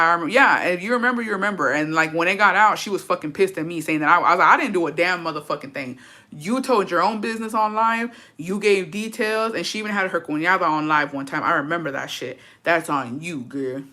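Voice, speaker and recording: A woman's voice: lowish voice, bright, forceful tone. A young woman hosting a casual livestream, gossiping and swearing freely while reading chat, dropping in Spanish words. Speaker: livestream host.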